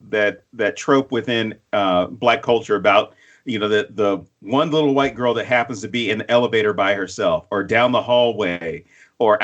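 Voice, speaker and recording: A man in the middle of his range, co-hosting a podcast with animated, profanity-laced storytelling. He often slips into other voices for quotes, then drops his pitch low for punchlines. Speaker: podcast co-host. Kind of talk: casual chat.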